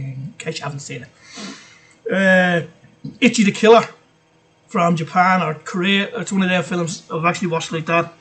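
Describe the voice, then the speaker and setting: A man's voice: high voice, sharp tone. An Irish man chatting casually and bluntly in a vlog, rambling, with frequent swearing. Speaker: vlogger. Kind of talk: casual film list chat.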